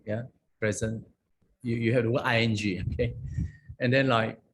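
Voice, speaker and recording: A man, a Buddhist monk, teaching a lesson on a scripture language, reciting verses slowly and often checking in with "okay?" and "huh?". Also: medium pitch, slightly rough.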